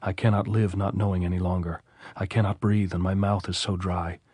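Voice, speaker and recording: A man's voice: sits low, little pitch movement, brisk, darkish tone, breathy edge, no echo. A man reading the anxious inner prayers of a frightened young woman in an audiobook, pleading and repetitive. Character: frightened young woman praying in her thoughts.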